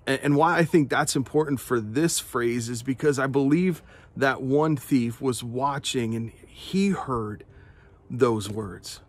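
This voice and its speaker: Slow, earnest male pastor. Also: mid-range voice. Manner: earnest and unhurried, with frequent word repeats. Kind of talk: devotional sermon talk.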